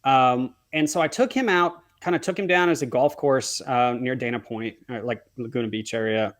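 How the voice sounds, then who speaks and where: A man's voice: mid-range voice, moderate pace. A man, a wedding photographer and podcast guest, telling a story in an earnest way, often restarting and correcting himself and acting out remembered dialogue. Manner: acts out remembered dialogue as he talks.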